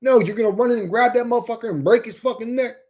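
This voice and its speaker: An extremely high-pitched yet darkish voice comes fast from a man hosting a live stream. He rants at his viewers in a heated, profane way, mocking them and chatting with those in the stream chat.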